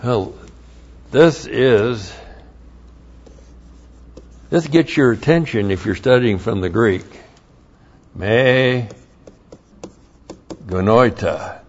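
A man teaching a Bible lesson slowly and emphatically, repeating each key point. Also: medium pitch. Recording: dull lo-fi recording.

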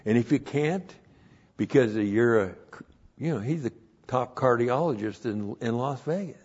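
Slow talking pastor guy preaching, repeats himself, gets loud on the big points, muffled lo-fi audio. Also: medium pitch, lively intonation, husky. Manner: repeats phrases, swells loud for emphasis. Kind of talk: sermon with Bible teaching. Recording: dull lo-fi recording.

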